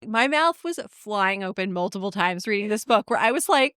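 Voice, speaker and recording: A woman co-hosting a casual book chat podcast, excitable and gushing, swearing and laughing a lot. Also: mid-range voice, normal speed, smooth, no room sound, studio quality. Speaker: podcast co-host.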